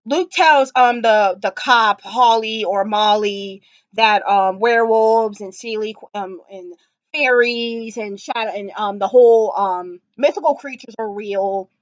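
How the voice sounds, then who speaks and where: A woman's voice: medium pitch, no echo, lo-fi sound. A woman vlogger sitting on the floor at home, gushing and rambling about a TV episode with lots of fillers. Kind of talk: casual chat.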